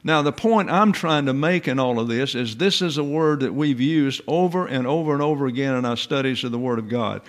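A man's voice: medium pitch, brisk, few pauses. A man teaching the Bible to a class, stressing Greek words, asking rhetorical questions and often restarting his sentences. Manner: emphatic, repeats words and stresses Greek terms.

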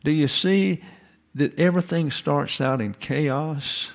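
A man's voice: a little high, slow pace, gravelly. A man giving an informal lecture in a folksy, digressive way, full of rhetorical questions.

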